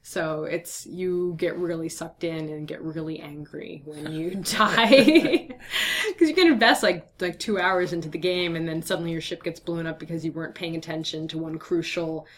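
With a deep voice at a moderate pace, a young woman chats cheerfully through interview questions as a guest, leaning on lots of fillers. She sounds worn out and a touch slurred from talking all day, and a faint hiss or hum runs under the audio.

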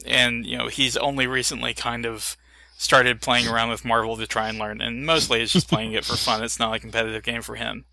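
Male co-host, very bright voice, dry close sound, chatty storyteller. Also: medium pitch, gravelly, no room sound. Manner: animated storyteller, many fillers. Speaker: podcast co-host. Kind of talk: casual chat.

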